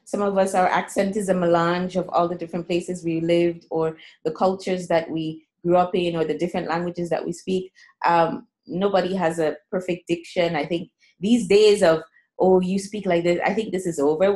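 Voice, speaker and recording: A woman's voice: lowish voice, fairly even intonation, a little fast. A woman hosting a business podcast, encouraging her guest and listeners in a chatty way with fillers. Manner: warm encouraging, rambling with fillers. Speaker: podcast host. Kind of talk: podcast interview and outro.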